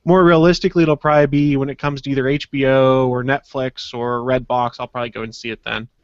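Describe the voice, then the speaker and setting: A man co-hosting a podcast in casual chat, telling anecdotes in a relaxed way. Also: medium pitch, fast talker, clean tone, dry recording, lo-fi sound. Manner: relaxed storyteller, acts out quotes. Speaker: podcast co-host.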